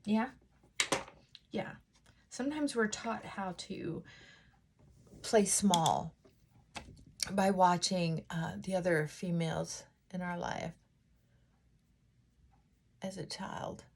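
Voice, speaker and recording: A woman vlogger chatting casually while getting ready, talking things through in a thoughtful, unhurried way with frequent pauses and fillers. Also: fairly low pitch, slight background noise. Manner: unhurried, reflective, thinking aloud.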